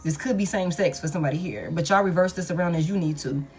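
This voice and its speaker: A woman's voice: fairly low pitch, fast talker, darkish tone, soft background music. A woman giving a casual collective tarot reading, blunt and profane, who repeats her points for emphasis. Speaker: tarot reader.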